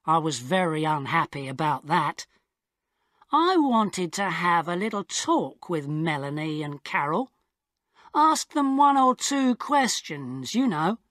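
A woman narrating a first-person story slowly and clearly for English learners. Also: fairly low pitch, big pitch swings, fairly bright tone, no echo, studio quality.

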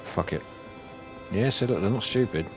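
Sweary gamer over game music. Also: male voice, lowish voice, normal speed. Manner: sweary, excitable, talks to enemies. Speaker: gaming YouTuber. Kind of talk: let's play commentary.

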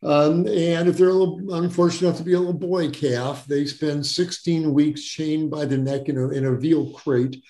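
An older doctor from Wisconsin, USA, speaks as an interview guest in a warm, highish male voice with noticeable reverb. He tells his story earnestly, repeating words to stress them.

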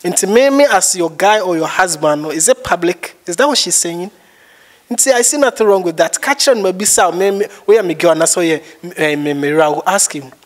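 A man's voice: sits high, fairly quick. A man with a Ghanaian accent giving his views in a casual chat, rambling and repeating himself. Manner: rambling, repetitive. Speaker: guest.

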